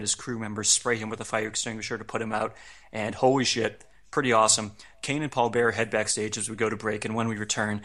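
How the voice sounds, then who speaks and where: Male podcast host, lowish but bright and forceful voice, casual amused recap delivery. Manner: recaps events in a relaxed, amused tone with frequent laughs. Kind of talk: casual wrestling recap chat.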